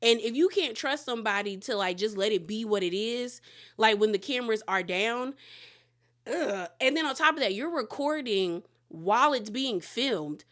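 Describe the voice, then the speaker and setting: A woman recapping reality TV episodes in casual commentary, telling the story with animated energy and frequent laughter. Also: on the high side, normal speed. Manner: acts out quotes in exaggerated voices.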